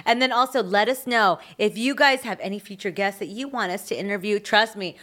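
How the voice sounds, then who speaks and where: A woman's voice: medium pitch, fairly quick, fairly bright tone. A woman in her thirties co-hosting a podcast in a studio, bubbly and chatty, swearing casually. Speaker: podcast co-host. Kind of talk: casual chat.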